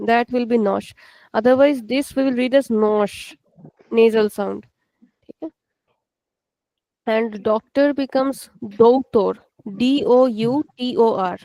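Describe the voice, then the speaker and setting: A woman's voice: fairly high pitch, fairly even intonation, warm tone, no room sound. A woman teaching an online language lesson, patiently correcting a student and spelling words out. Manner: patient, explains slowly, spells words out, switches into Hindi.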